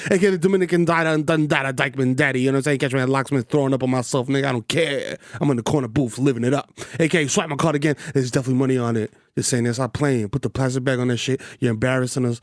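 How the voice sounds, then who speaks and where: A man with a New York accent, a podcast co-host riffing rapid-fire boastful, profane aliases in casual comedic chat. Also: medium pitch, no echo. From the Bronx, New York.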